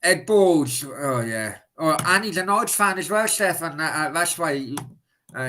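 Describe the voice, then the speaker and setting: A man's voice: sits high, expressive, normal speed, sharp tone, slight background noise, rough recording. A man hosting a live stream, answering viewer questions in blunt, casual chat and swearing freely.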